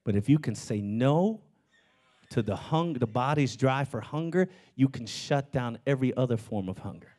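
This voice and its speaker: A man preaching a sermon as pastor of his church, with animated delivery that climbs into shouts. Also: medium pitch, normal speed. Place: church sanctuary.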